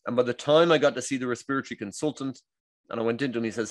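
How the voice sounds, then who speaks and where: An Irish man, a breath coach and guest, telling his story in a casual, animated interview and acting out what others said. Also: medium pitch, racing, dry recording. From Ireland. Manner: animated, acts out quoted dialogue, frequent restarts.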